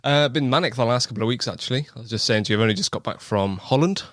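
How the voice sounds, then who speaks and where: A man's voice: medium pitch, animated, a bit bright, no room sound, studio quality. A young man with a West Country accent, a podcast guest chatting in a jokey, self-mocking way. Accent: West Country English. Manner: jokey and quick-talking, laughs at himself. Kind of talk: casual interview chat.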